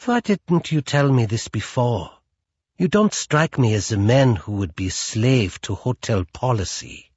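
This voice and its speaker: A male narrator putting on a cold German female assassin who threatens sweetly and slowly. The voice stays husky and close, with a dull, muffled tone. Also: medium pitch, expressive, a little mellow, no room sound. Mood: menacing. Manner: slow, menacing, sweetly threatening.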